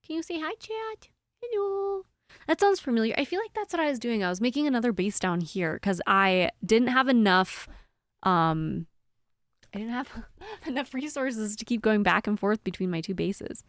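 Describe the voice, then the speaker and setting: A woman's voice: mid-range voice, lively intonation, moderate pace, dry recording. A young woman streaming a game from home, chatting and giggling with her viewers and her dog into a desk microphone. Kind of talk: casual live-stream chat. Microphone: desk microphone on a squeaky stand.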